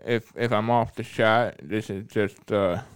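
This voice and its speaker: Halting deaf man with a smooth voice. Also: lowish voice, fairly even intonation. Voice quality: speech of a deaf speaker. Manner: halting, repeats words often. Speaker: podcast regular. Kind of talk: casual podcast chat.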